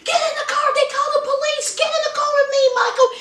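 A woman's voice: extremely high pitch, steady tone, fast talker, pushed and bright, roomy sound, distant mic, pitched above the performer's own voice. A woman putting on the voice of a frantic woman who shrieks and pleads for her man to come with her.

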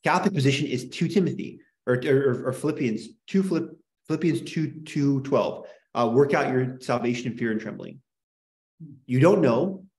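A man's voice: medium pitch, expressive, normal speed, a little mellow. A man lecturing a small class in an impassioned, worked-up rant. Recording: echoey room.

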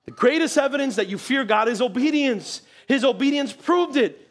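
Man pastor, high voice, animated sermon with acted-out voices, live church service. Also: moderate pace. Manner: animated, acts out voices, laughs often. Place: church sanctuary.

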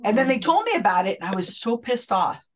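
A woman's voice: mid-range voice, very animated, fast. A woman hosting an online chat, telling a long story in a rambling, self-interrupting way. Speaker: host. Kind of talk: casual chat.

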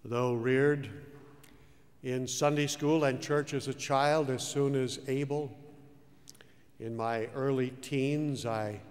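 Male pastor, unhurried sermon delivery, swings from loud to hushed, reverberant church hall. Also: mid-range voice, steady tone. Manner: slow, dramatic preaching with wide swings between loud and hushed.

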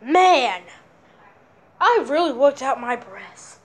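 A man's voice: extremely high pitch, sing-song, takes it slowly, exaggerated voice. A young man voicing a grumpy, exasperated grown-up father in an amateur plush puppet skit. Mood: weary. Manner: scolding, exasperated.

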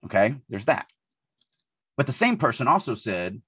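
A man from the Deep South speaks in a husky voice. He co-hosts a casual podcast, thinking aloud with frequent restarts. The recording is dry, with no room sound. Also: big pitch swings, moderate pace, fairly bright tone, dry recording. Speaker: podcast co-host, writing editor.

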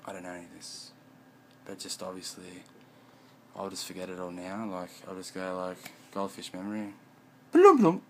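A man's voice: low-pitched, monotone, normal speed, slight background noise, rough recording. A man rambling in a profane vlog monologue at home, often mumbling.

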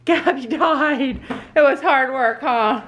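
This Canadian family mother vlogs into a handheld camera, chatting with her viewers in a high-pitched voice at a slightly slow pace. The audio sounds dull, with a noisy background.

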